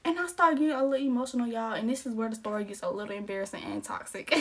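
A young woman chats through a storytime, animated and full of slang. She laughs often and acts out the lines of the people in the story. Her voice sits fairly high. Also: fast, slightly rough. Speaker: storytime vlogger. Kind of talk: casual storytime chat.

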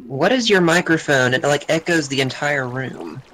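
A man's voice: a little high, expressive, normal speed, sharp tone, poor audio. A man streaming a game, rambling casually about what he's doing as he plays. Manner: rambling, chatty commentary while playing. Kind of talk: casual gaming chat.

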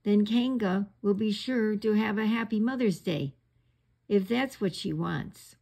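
A woman's voice: medium pitch, a little slow, vocal fry, warm tone. A woman reading aloud and voicing Eeyore, a gloomy, resigned male donkey from a storybook.

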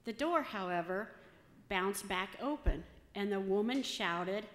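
A woman's voice: mid-range voice, expressive, a little slow. A woman telling a joke to a church congregation in a chatty, casual way. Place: church sanctuary. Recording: echoey church hall with long reverb.

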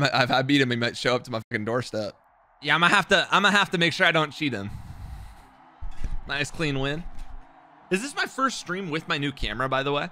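A young man streaming a football video game, chatting casually with his viewers, excitable and swearing, with sudden loud outbursts. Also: mid-range voice, dry recording. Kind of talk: live game stream commentary.

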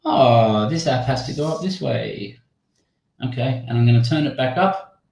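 A man's voice: mid-range voice, moderate pace, gravelly, a little mellow, slight background noise. A man presenting a live teacher-training webinar, chatty and apologetic, thinking aloud as he demos an app on a video call. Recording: echoey room sound.

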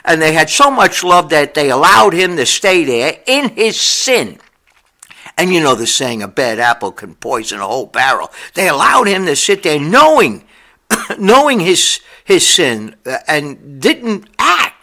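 A man's voice: sits high, sing-song, measured pace, bright, forceful tone. An older man preaching a blunt, plain-spoken sermon as a pastor, with many fillers and restarts. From New York.

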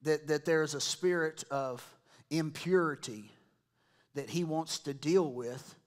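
A man's voice: a little high, a little slow. A man preaching a sermon as a pastor in a church, talking to the congregation in a conversational way and acting out quotes from other people.

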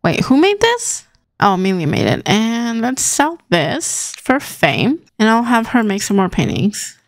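A chatty young woman narrates her gameplay and coaxes her characters along. Her voice sits a little high and swoops through a lively, animated range. The sound is dry and close, with no room echo. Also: a little slow. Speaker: gaming channel host. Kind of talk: casual gameplay commentary.

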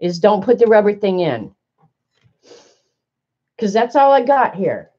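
A woman talks viewers through a craft machine in her home craft room, thinking out loud and growing flustered. Her voice is mellow and a little dark. The recording sounds slightly dull and lo-fi. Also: medium pitch, sing-song, measured pace. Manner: chatty, flustered, thinking aloud. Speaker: crafter demonstrating a die-cutting machine. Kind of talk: casual craft demonstration to viewers.

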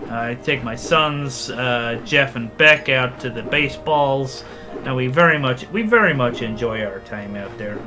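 Fields: Figure: man doing a plain middle-aged American dad. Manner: slow, folksy. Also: fairly high pitch, monotone, music in the background, natural voice. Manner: slow, deliberate put-on American accent.

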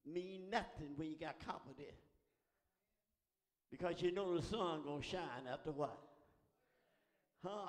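A man's voice: high-pitched, moderate pace. A man, preaching a sermon as pastor, calling out to the congregation and often asking "huh?" in a call-and-response style. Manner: preaching with rising calls and repeated "huh?". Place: church sanctuary. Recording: long church reverb.

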